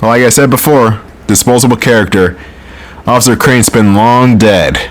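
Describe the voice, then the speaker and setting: A man's voice: medium pitch, normal speed. A man hosting a let's play, giving casual, joking gameplay commentary full of rambling tangents.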